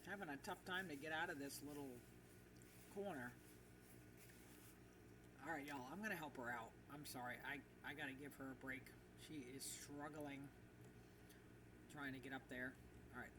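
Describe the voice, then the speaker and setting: A woman's voice: rumbling low, moderate pace, long pauses. A woman streamer rambling casually while she plays a game, with lots of fillers, in an echoey room. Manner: rambling and chatty with many fillers. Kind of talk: casual livestream chat while gaming. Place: room with echo. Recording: echoey far-off mic with background noise.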